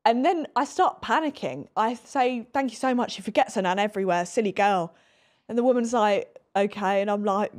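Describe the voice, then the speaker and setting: A woman's voice: medium pitch, lively intonation, brisk, a little mellow. A woman in her twenties, hosting a podcast, telling a story in a chatty, dramatic way with swearing. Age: 20s. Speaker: podcast host. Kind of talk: casual storytelling chat.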